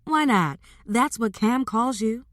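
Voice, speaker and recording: A woman's voice: fairly high pitch, lively intonation, slow, dry recording, clean studio sound, pitched above the performer's own voice. A woman voicing a playful, affectionate younger sister who teases and mimics her family. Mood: teasing. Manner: teasing, mimicking.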